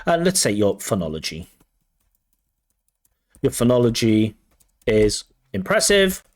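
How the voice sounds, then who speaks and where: A man working as a language test examiner, giving spoken feedback in a measured, think-aloud way and correcting himself as he goes. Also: mid-range voice, big pitch swings. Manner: measured, reads out band descriptors and questions them.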